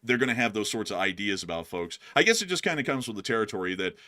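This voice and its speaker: A man's voice: fairly low pitch, expressive, fast, bright, forceful tone. A man from the US South with a light Southern accent, hosting a news channel and answering viewer comments in a rambling, conversational way. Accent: light Southern American. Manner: rambling, conversational, addresses "folks" and "y'all". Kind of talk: casual talk reading viewer comments.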